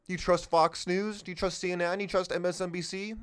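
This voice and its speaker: Emphatic man, smooth voice. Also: high voice, level tone, fast, fairly bright tone. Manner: emphatic, rhetorical questions, loses his train of thought. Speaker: political podcast host. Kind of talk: unscripted political monologue.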